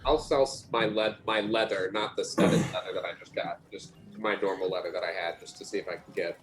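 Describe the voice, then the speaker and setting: A man's voice: low voice, steady tone, a little fast, low-quality recording. A man playing in a tabletop game, hesitant and giggly. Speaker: player. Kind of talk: casual tabletop play.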